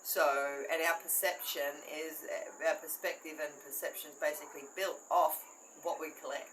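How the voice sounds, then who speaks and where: A woman's voice: low voice, fairly even intonation, moderate pace, a bit bright, slight background noise, poor audio. A woman with an Australian accent giving a casual tarot reading, rambling and correcting herself and swearing now and then. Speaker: tarot reader. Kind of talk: casual spiritual chat.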